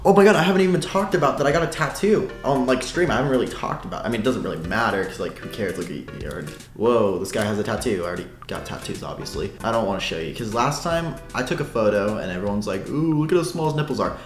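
A man's voice: lowish voice, animated, quick pace, reverberant, faint music behind. A man streaming live, reading chat and rambling with crude, swearing jokes. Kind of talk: casual livestream chat.

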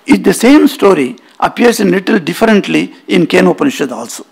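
A man's voice: high-pitched, sing-song, a little fast, gravelly, breathy edge. A man giving a spiritual lecture in an auditorium, telling stories emphatically and weaving in Sanskrit terms.

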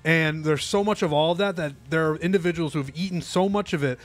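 A man's voice: fairly high pitch, fast talker. A young man who hosts a golf podcast, chatting casually and laid-back, often saying "dude" and swearing offhand. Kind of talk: casual chat.

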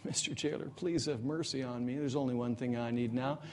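A man's voice: medium pitch, steady tone, a little fast, a little mellow, a little hiss or hum, close to an everyday voice. A man doing a pleading condemned prisoner. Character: desperate pleading male agile coach, prisoner.

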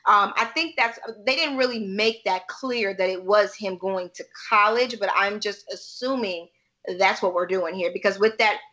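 A woman's voice: mid-range voice, normal speed, sharp tone, highs cut off. A young adult woman co-hosting a podcast, chatting casually in an emphatic, slangy way. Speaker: podcast co-host. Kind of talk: casual chat.

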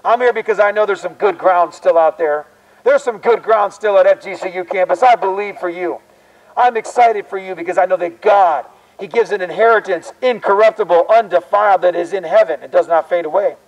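A man with a very high voice preaches in the open air on a college campus. He exhorts his listeners urgently and with fervor, pressing them to repent. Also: brisk, rough recording. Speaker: street preacher.

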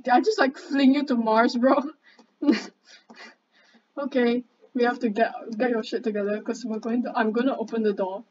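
A young woman, chatting excitably and bossily with a friend while commenting on a game, swearing casually. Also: on the high side, moderate pace. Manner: excitable, chatty, bossy banter. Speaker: gamer. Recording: dull lo-fi mic, faint background noise.

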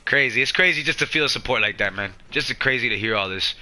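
Very bright, excitable male game streamer. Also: mid-range voice, quick pace. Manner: excitable, overwhelmed and emotional. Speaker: gaming streamer. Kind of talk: live gameplay stream commentary. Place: home at night. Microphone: headset.

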